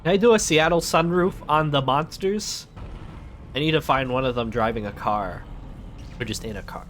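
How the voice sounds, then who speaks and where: A man's voice: on the high side, normal speed, fairly bright tone, a little hiss or hum. A man streaming a horror game, joking sarcastically and talking back to the game. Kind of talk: gaming commentary.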